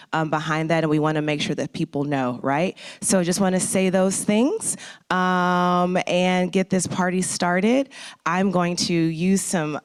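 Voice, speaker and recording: A man's voice: a little high, clear, resonant tone, dry recording, clean studio sound. Playful man hyping a conference crowd. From St. Louis. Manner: upbeat, playful crowd work with shout-outs. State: slightly strained throat. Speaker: conference host. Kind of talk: opening remarks and crowd hype.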